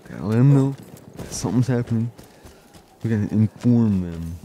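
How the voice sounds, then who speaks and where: A young man giving chatty gameplay commentary, excited and urgent at times. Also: fairly low pitch, moderate pace, pauses often. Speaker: gaming channel host. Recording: gunfire and game noise behind.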